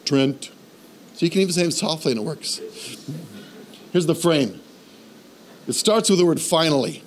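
A man preaching a sermon in a church, animated and conversational, asking the congregation questions. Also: a little high, moderate pace, a little hiss or hum. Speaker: pastor.

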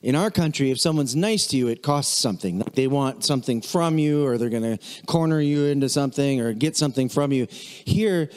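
Guy pastor preaching casual, chatty and animated, sound rings around a big hall. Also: a little fast. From United States. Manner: chatty, animated, mimics voices in high-pitched bursts. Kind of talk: casual sermon.

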